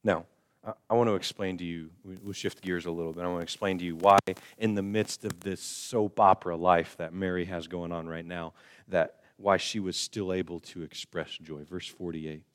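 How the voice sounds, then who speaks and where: A male pastor preaching a sermon, swinging from quiet, slow passages to loud, high emphasis and acting out quoted voices. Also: smooth. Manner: acts out quoted voices of the congregation. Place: church.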